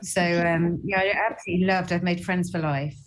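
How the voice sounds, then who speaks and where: A woman's voice: lowish voice, fairly even intonation, fairly quick, slight background noise. A British woman in her forties, a guest actress chatting in a TV interview, self-deprecating and rambling, laughing often. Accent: British English. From Britain. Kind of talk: TV interview chat.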